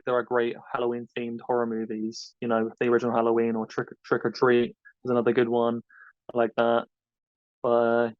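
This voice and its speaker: A man's voice: mid-range voice, no echo. A man, co-host of a podcast, answering interview questions in a rambling, hesitant way. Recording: dull lo-fi dry recording.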